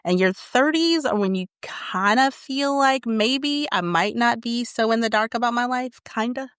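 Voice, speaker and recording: A woman's voice: fairly high pitch, expressive, unhurried, fairly bright tone, clean tone, no room sound, studio quality. Candid woman in her fifties. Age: 50s. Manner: candid, laughs often. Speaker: podcast co-host. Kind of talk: casual chat.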